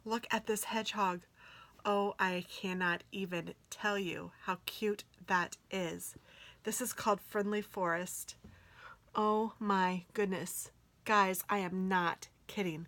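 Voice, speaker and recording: Gushing excitable woman unboxing stickers. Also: medium pitch, takes it slowly. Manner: gushing and excitable, drops into soft whispers. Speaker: planner sticker vlogger. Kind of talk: casual unboxing chat.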